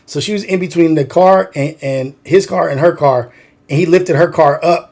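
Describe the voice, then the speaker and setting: A man with a somewhat high voice tells a story on his livestream. He rambles and swears freely, and a "like" turns up in almost every sentence. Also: normal speed, darkish tone. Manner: rambling, profane, heavy use of "like". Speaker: livestream host.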